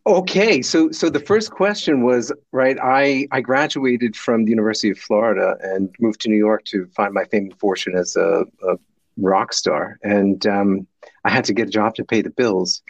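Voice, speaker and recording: A middle-aged man from the United States, a guest telling stories with animated delivery and acting out the people in them. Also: fairly low pitch, normal speed, no echo. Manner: animated, acts out voices in his stories. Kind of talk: storytelling in a conversation.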